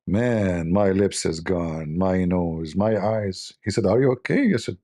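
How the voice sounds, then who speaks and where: A man's voice: sits low, slow, warm tone. A man from the Middle East with an Arabic accent, hosting a casual livestream chat and telling rambling, joking stories full of "you know". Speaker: livestream host.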